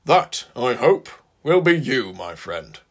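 The narrator voicing a solemn railway official who speaks slowly and gravely. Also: mid-range voice, very animated, heavily acted.

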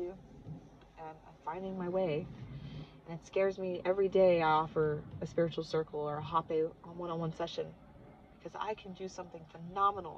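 A woman, a mother, telling a long personal story in a casual vlog and acting out the voices she quotes, swinging from hushed to loud. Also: on the low side, dull audio, a little hiss or hum. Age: adult with children. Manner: animated, acts out quotes with big swings in loudness. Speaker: vlogger recounting a retreat.

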